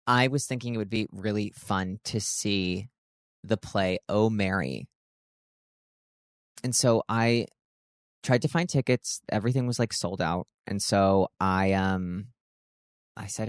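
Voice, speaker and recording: A man with a lowish voice talks through a casual vlog, rambling and gushing with plenty of "like" fillers. The sound is close and dry, with almost no room echo. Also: expressive, slow, pauses often. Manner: chatty, gushing, lots of "like". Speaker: vlog host.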